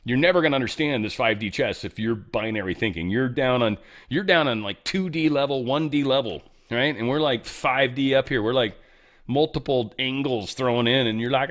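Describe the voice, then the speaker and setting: A man's voice: medium pitch, normal speed. A man hosting an online talk show, talking in a loose, rambling way with many asides. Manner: animated, rambling, fond of asides. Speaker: show host. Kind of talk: casual political commentary.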